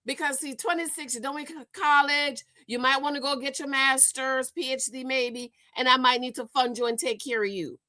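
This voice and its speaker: A woman's voice: sits high, fairly even intonation, moderate pace, hardly any pauses, bright, forceful tone, no room sound. A woman hosting a gossip commentary show, exasperated and scolding, stammering and repeating herself as she rants. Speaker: host.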